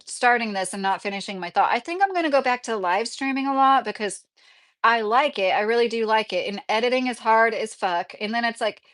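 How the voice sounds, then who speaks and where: A woman in her thirties, live streaming to her viewers. Her voice sits a little high, and she chats loosely, often laughing as she reads out messages from the chat. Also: fairly quick, fairly bright tone. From Kentucky, USA.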